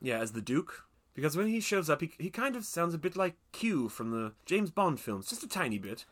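A man's voice: a little high, brisk. A young man co-hosting a casual movie podcast, talking animatedly and dropping into silly voices. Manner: animated, slips into exaggerated impressions and silly voices. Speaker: podcast co-host. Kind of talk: casual movie review chat.

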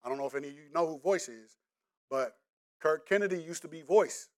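Middle-aged man from the DC area with a local accent and a fairly high voice; a pastor giving a relaxed, joking sermon. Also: a little fast. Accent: Washington DC area. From Washington DC area. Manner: casual, joking, talks straight to the congregation. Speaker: preacher. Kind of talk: conversational sermon.

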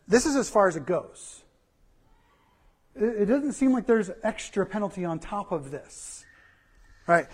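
Male pastor preaching, fairly high voice, keeps asking "right?" and stacking up lists. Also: husky. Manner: animated, repetitive lists and rhetorical questions. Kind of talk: sermon.

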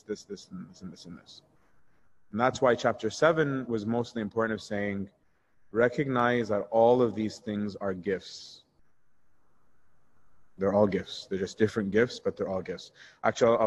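A priest teaching a Bible study in a candid, conversational way, answering questions and telling personal stories. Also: male voice, fairly low pitch, muffled recording. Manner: candid and conversational, shifts into animated retelling.

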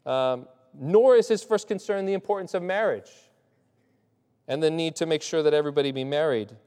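A male pastor preaches a loose, conversational sermon, often restarting sentences and asking "right?" to engage listeners. His voice is on the high side, brisk, smooth, and a little mellow. A long hall reverb surrounds the recording.

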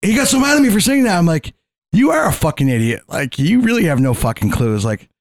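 Fast-talking profane man telling stories. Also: on the high side, no echo. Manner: profane, animated, quotes others in his stories. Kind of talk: casual chat, storytelling.

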